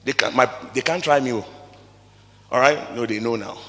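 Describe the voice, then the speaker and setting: On stage before an audience in a large hall, a motivational speaker with a Nigerian English accent gives an animated talk. His mid-range voice moves at normal speed, firing rhetorical questions and swinging between loud and soft, all under the hall's long reverb.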